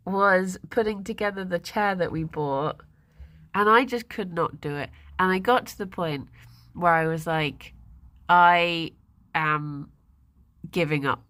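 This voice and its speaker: A woman's voice: lowish voice, a bit bright. A woman, livestreaming and chatting casually with viewers, rambling and laughing often.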